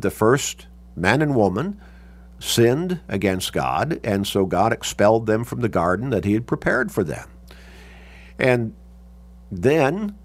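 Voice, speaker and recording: A man's voice: on the low side, breathy edge. A man teaching a Sunday Bible class, reading scripture aloud and explaining it with emphasis.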